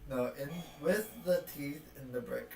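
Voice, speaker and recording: A man's voice: medium pitch, a little slow, gravelly, warm tone, distant mic. A young man in casual chat with a friend, slangy and giggly. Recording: roomy and off-mic with music playing.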